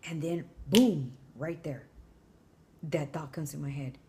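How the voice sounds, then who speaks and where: A woman telling a personal story in a chatty, animated way, full of fillers, acting out both sides of a phone call. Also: sits low, takes it slowly, noisy background.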